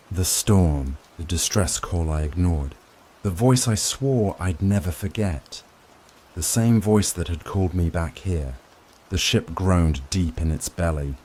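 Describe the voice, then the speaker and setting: A man narrating a first-person horror story in a slow, hushed storytelling manner. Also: low-pitched. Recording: faint rain sound behind voice. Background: rain.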